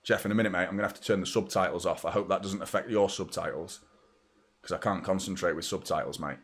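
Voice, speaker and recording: A man's voice: deep voice, steady tone, fast, a bit bright, slightly rough. Chatty English man hosting a watchalong. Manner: chatty, rambling, talks to viewers by name. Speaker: football watchalong host. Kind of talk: casual live match chat.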